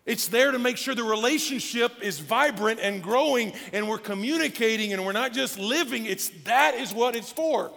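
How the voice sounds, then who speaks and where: A male pastor preaching a sermon in a conversational, animated way with casual asides, speaking. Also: extremely high pitch, moderate pace, vocal fry, few pauses. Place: church auditorium. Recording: long church hall reverb with faint music.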